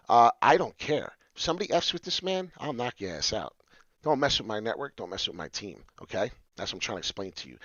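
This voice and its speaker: A man hosting a casual crypto video, talking excitably and rambling with lots of filler "uh"s over a screen share, in a dry, slightly dull recording. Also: lowish voice, no room sound.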